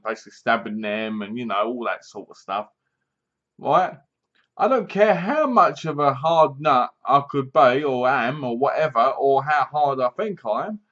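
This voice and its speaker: A man's voice: medium pitch, fairly bright tone. A man giving a casual, rambling spoken film review, retelling scenes with sound effects and asides. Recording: dull lo-fi home recording.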